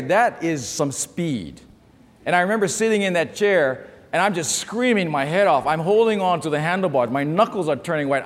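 A middle-aged man preaching a sermon, telling stories with lively call-and-response to the congregation. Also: sits high, long reverb tail. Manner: animated, storytelling with call-and-response. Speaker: pastor.

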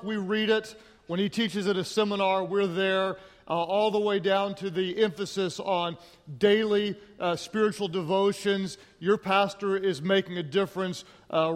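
A middle-aged man from Oklahoma, a guest pastor preaching in an energetic, joking, self-deprecating way. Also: high-pitched. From Oklahoma, United States. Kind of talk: sermon. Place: large church sanctuary with congregation. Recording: hall reverb with crowd.

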